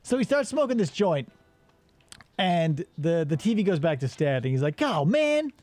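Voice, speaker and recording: Animated man retelling a movie. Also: a little high, normal speed, dry recording, faint music behind. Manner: animated storyteller, acts out the characters' lines. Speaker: podcast co-host. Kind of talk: casual movie recap while working.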